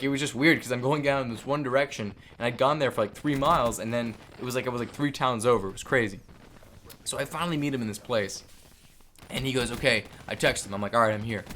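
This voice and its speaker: A man's voice: mid-range voice, slight background noise. A young man vlogging, telling a rambling story with lots of swearing and filler words. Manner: rambling, animated, frequent swearing and "like". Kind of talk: storytelling vlog.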